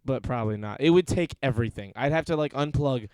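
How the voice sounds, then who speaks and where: A man's voice: medium pitch, animated, fast talker, dry recording. A young man hosting a podcast from his gaming room, talking loosely, swearing freely and laughing a lot. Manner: loud, crude and jokey, laughs often. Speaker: podcast host. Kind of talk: casual chat, swearing and joking. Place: home gaming room with several monitors.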